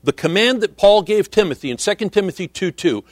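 Earnest higher-voiced man preaching. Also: expressive, dry recording, clean studio sound. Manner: earnest, measured preaching with scripture quotes. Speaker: missionary preacher. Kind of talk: sermon.

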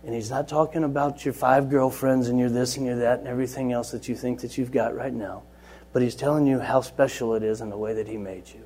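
Husky-voiced man telling a faith story. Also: mid-range voice, brisk. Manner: earnest storytelling, swings from soft to loud and lively. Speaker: Bible study leader at a juvenile center. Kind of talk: personal faith testimony.

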